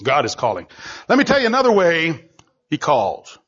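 Husky and fairly high, this preacher's voice swoops wildly in pitch at a moderate pace. He preaches emphatically, asking rhetorical question after rhetorical question and shifting between loud and hushed tones, on a dull lo-fi recording.

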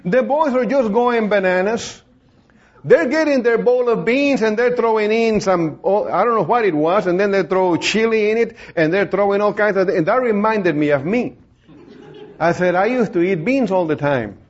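A man with a high voice preaches from the pulpit, telling his story in a lively way and playing out the voices of the people in it. The recording is dull and lo-fi. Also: normal speed. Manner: storytelling, acts out quoted voices, laughs often. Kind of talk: sermon testimony.

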